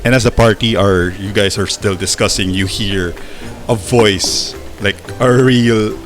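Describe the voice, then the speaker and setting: Slow, low-voiced male game master. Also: faint music behind. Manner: relaxed, hesitant narration with fillers. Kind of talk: narrating a tabletop game.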